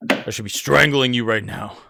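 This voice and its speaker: A man's voice: mid-range voice, moderate pace, creaky, pushed and bright, slight background noise. A man voicing the groaning, spiteful severed head of a slain man, brought back to speak in a tabletop game. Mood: hostile.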